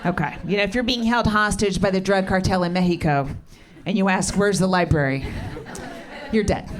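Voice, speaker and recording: A middle-aged woman doing stand-up comedy with crowd work, deadpan, sardonic and profane. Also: mid-range voice, a little fast. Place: comedy club stage. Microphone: handheld stage mic. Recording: live club recording with crowd. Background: laughing audience.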